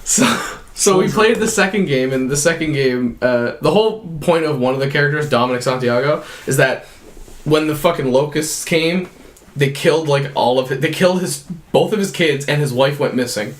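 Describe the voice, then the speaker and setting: Animated young man telling a story. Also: fairly high pitch, moderate pace, echoey room. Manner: animated storyteller, swears freely. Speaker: podcast co-host. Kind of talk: casual chat among friends.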